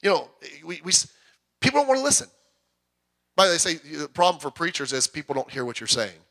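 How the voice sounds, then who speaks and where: High, bright-voiced preaching man. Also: big pitch swings, fast. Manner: conversational preaching with asides and jokes. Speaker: pastor. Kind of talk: sermon. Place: church sanctuary.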